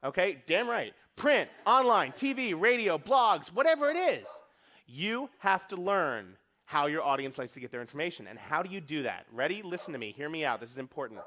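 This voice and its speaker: New guy doing a keynote, talks super fast, pitch up high, cracks crude jokes. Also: sing-song, bright, forceful tone. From New York. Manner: fast, brash, joking, profane, acts out quotes. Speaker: keynote speaker. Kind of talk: comedic keynote speech. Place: conference hall with audience.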